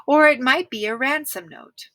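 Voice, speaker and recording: A woman's voice: high voice, normal speed, sharp tone, no room sound, voice pushed up. A woman reading aloud, voicing an inquisitive, scheming twin boy. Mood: curious.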